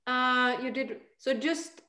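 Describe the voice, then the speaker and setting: Patient woman teaching chants slowly. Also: high-pitched, sharp tone, echoey room. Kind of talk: online group chanting lesson. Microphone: video call.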